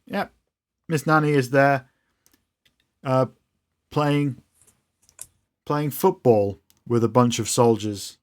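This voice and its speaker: A man's voice: medium pitch, steady tone, slow pace, pauses often. A man narrating a tabletop role-playing game as game master, describing scenes in a loose, storytelling way.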